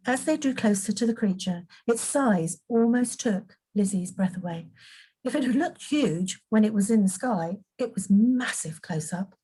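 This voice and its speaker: Husky-voiced woman reading a storybook. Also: mid-range voice, dark tone, low-quality recording. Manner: unhurried, occasional slips and self-corrections. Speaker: author reading her own fiction.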